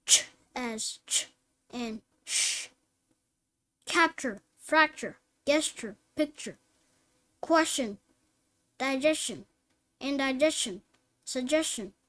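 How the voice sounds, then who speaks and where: A woman reading phonics word lists and practice sentences aloud, one word at a time, slowly and clearly, like a reading teacher. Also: high voice, pushed and bright.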